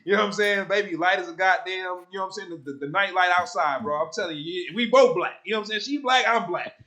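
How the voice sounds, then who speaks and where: A man hosting a casual podcast chat, talking in an animated, slangy and profane way, telling stories with lots of asides. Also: high-pitched, fast. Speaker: podcast host.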